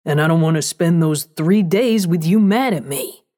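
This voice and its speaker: A woman puts on a deep, slightly breathy young man in this audiobook. He is relaxed and sincere, a helpful partner who speaks plainly. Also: moderate pace, lightly acted. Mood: earnest. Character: laid-back, eager-to-help young man. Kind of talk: audiobook character voice.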